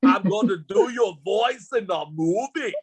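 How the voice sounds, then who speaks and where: A man doing an impression of a muscle-bound male action star, loud and blunt. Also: sits high, animated, measured pace, creaky, husky, pitched above the performer's own voice, full character voice. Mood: brash.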